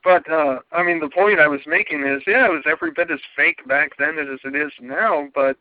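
A man's voice: on the high side, brisk, no echo. A man in casual podcast chat as a co-host, musing reflectively and often saying "you know". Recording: dry, narrow phone-like sound.

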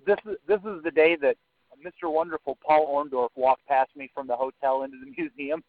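A man's voice: fairly high pitch, steady tone, brisk, dry recording. A man casually telling a story as a podcast co-host, swearing freely and saying "like" often. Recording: dry, narrow phone-like sound.

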